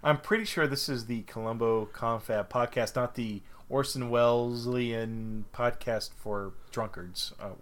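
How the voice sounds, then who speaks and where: A man's voice: mid-range voice, steady tone, a little slow, few pauses. A man co-hosting a podcast, retelling a film plot step by step in casual chat, sometimes exasperated by interruptions. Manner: methodical, slightly exasperated. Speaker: podcast co-host.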